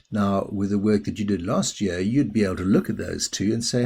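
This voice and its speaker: Low husky-voiced male maths teacher. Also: brisk, hardly any pauses, a little mellow. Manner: chatty, self-deprecating, explains step by step. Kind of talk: recorded maths lesson.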